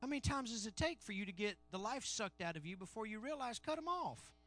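A male pastor preaching a sermon in call-and-response style, swinging between loud shouts and low murmurs. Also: expressive, fast.

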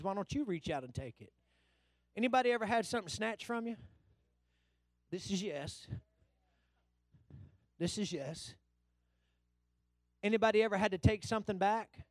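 High-voiced preacher, fervent. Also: male voice, no room sound. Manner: call-and-response preaching, swings from low asides to loud shouts. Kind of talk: sermon. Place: church hall.

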